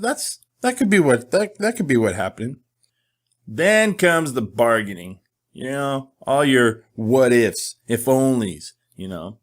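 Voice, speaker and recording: A middle-aged man hosting a casual monologue, telling his own story in a candid, joking, animated way. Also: fairly high pitch. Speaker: host.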